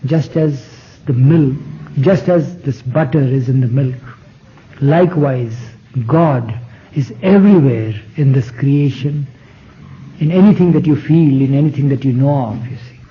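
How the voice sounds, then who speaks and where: A man's voice: mid-range voice, measured pace, close to an everyday voice. A man voicing a clever royal minister who patiently explains to the emperor, in a dull old tape recording. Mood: explaining.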